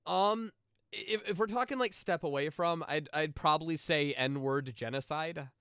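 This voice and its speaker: A man's voice: on the high side, a little slow, fairly bright tone, clear, resonant tone, no room sound, clean studio sound. A man chatting casually on a livestream, reading viewer questions and answering in a rambling, profane way with lots of fillers and restarts, and getting emotional at times. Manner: emotional, sensitive.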